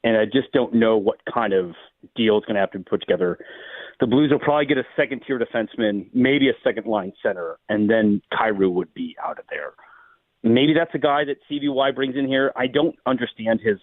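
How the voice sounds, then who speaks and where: A man's voice: medium pitch, a little fast, no room sound. A man on a tinny, phone-like line, talking over sports analysis in a middle register. He hedges and muses as he works through his points, and the sound is dry and close. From St. Louis. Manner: musing, hedging analysis. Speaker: sports radio host. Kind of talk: sports talk radio commentary.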